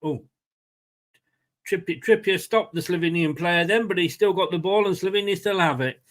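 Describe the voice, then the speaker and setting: A man's voice: high-pitched, moderate pace, fairly bright tone. A man hosting a casual live watchalong, commenting on play and chatting with viewers by name. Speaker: fan channel host.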